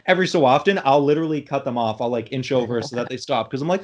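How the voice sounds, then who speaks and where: A man's voice: medium pitch, animated, fast, few pauses. Rambling young man telling a story. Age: young adult. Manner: rambling storyteller, swears, many restarts. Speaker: podcast host. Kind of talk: casual chat.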